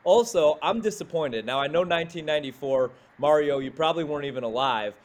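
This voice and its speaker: A man's voice: a little high, quick pace. A man co-hosting a sports talk show, speaking in an enthusiastic, emphatic way. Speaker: co-host.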